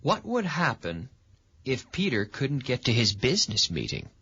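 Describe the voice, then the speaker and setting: A man hosting a radio English lesson, patiently quizzing a student and stressing words with lively intonation. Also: medium pitch, moderate pace, husky, no room sound. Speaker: English teacher and radio host. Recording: dull, lo-fi sound.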